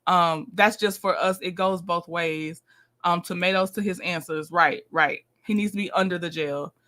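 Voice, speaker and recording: A woman's voice: on the low side, steady tone, moderate pace, bright, forceful tone. A woman hosting a casual livestream, chatting with viewers and reading text messages aloud. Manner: chatty, talks to viewers, reads texts aloud. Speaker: livestream host. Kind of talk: casual live commentary.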